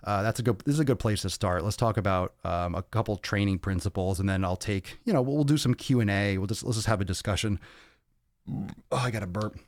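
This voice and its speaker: Breathless, deep-voiced male podcast host. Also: brisk, dry recording, clean studio sound. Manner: energetic, profane, loose and rambling. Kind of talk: casual livestream chat, reading viewer comments. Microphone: podcast microphone.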